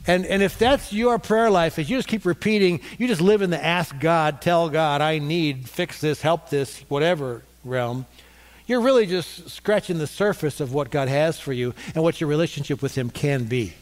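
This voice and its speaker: Man, pastor, sermon, repeats for emphasis, fairly high voice, long hall echo. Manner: repeats points for emphasis, pausing with fillers.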